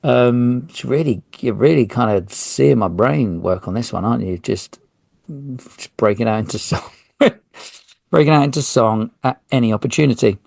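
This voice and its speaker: A man's voice: medium pitch, normal speed, vocal fry, darkish tone, no echo. A man hosting a solo podcast, talking in a rambling, self-interrupting way with jokey asides. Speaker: podcast host.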